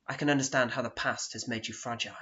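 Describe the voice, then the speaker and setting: Man playing a polite earnest counsellor, raised bright voice, lo-fi. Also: medium pitch, fairly even intonation, fast, lightly acted. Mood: gentle. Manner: gentle, careful, formal questions. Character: earnest male therapist, soft-spoken and polite. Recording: dull lo-fi recording.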